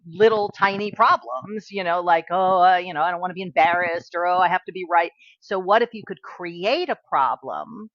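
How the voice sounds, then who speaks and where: A woman's voice: on the low side, sharp tone, dry recording, highs cut off. A woman hosting an interview, speaking in an eager, affirming and reflective way. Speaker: podcast host. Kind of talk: conversational interview.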